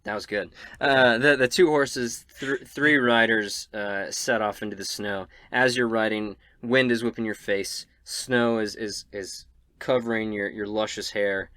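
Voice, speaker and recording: Low-voiced male game master. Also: dry recording. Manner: relaxed, halting, with many fillers. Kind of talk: narrating a tabletop game.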